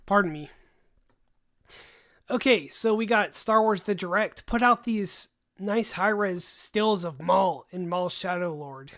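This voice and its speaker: A young man chatting on a livestream into a desk mic, rambling and animated, breaking off for sighs and quick asides. His voice is starting to tire after long hours of talking. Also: high voice. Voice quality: voice tiring, gives out after long talk. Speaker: host. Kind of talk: casual livestream chat.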